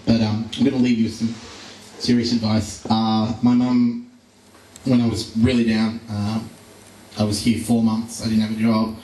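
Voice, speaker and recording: A man's voice: fairly low pitch, dark tone, slight background noise. A young man doing a live stand-up set, rambling and self-deprecating with lots of fillers and restarts. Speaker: stand-up comedian. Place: live comedy venue. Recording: roomy live venue recording from far off.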